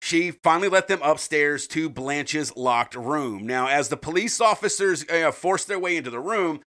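Bright-voiced man swearing through true crime. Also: on the high side, expressive. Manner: jokey, swears casually, dramatic pauses. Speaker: podcast co-host. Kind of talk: true crime podcast chat.

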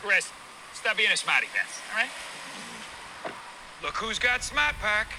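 A man's voice: high-pitched, very animated, measured pace, background noise. An actor playing a cheerful man, bragging about his car in a commercial played on the show. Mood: boastful.

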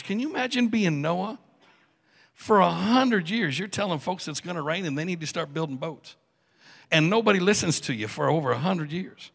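A man preaching a sermon in a church with animated delivery, acting out biblical figures with joking asides. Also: on the high side, gravelly. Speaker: pastor. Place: church sanctuary. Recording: reverberant church hall.

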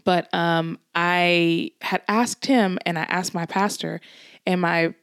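Low-voiced chatty woman with a dry sound. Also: steady tone, takes it slowly, fairly bright tone, smooth, no room sound. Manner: chatty storyteller, laughs often. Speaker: podcast co-host. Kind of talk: casual chat.

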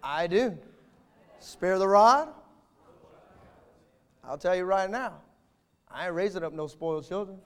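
A man preaching a sermon to fathers, emphatic, with sudden swings between loud declarations and quiet asides. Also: high voice, lively intonation, measured pace, pauses often, clean tone.

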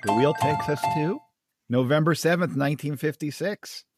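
A man casually discussing comic strips on a podcast, enthusiastic and quick to laugh. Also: on the high side, over loud music. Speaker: podcast co-host. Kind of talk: casual chat about comics.

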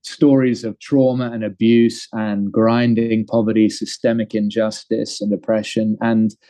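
English guy in his thirties, rambling storyteller, lowish mellow voice. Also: level tone, a little slow, no room sound, low-quality recording. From England. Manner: rambling, many fillers and restarts. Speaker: guest. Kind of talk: conversational storytelling.

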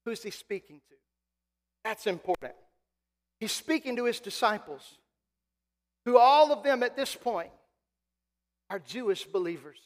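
A male pastor preaching a sermon. He is emphatic, slows right down to stretch key phrases, and then drops to a quieter, conversational tone. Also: high-pitched, animated. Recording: long reverb of a large hall.

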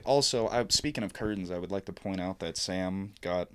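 A man's voice: deep voice, moderate pace, clean tone. A young man hosting a casual podcast chat, joking and swearing among friends. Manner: joking, swearing, laughs loudly.

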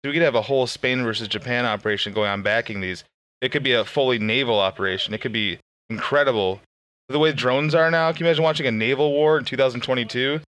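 A man's voice: mid-range voice, quick pace, a bit bright. A man hosting a comedy podcast, rambling through jokes and laughing at his own bits in casual banter. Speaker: podcast host.

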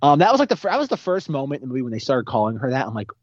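A man's voice: medium pitch, very fast, no echo, highs cut off. A man co-hosting a podcast, chatting casually and expressively about a movie, often exasperated. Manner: expressive, exasperated, tongue-tied at times. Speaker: podcast co-host. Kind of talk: casual movie-review chat.

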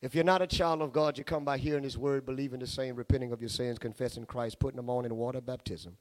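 A man preaching a sermon, repeating phrases and swelling into sung, shouted cadences. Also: medium pitch, steady tone, quick pace. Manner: chanting, sing-song cadence rising into shouts.

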